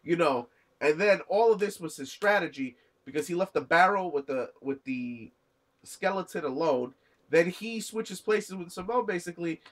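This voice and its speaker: A man's voice: sits high, expressive, normal speed, a bit bright. A young man casually recapping an anime episode, rambling with many fillers and restarts and briefly acting out the characters' lines. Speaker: anime reviewer.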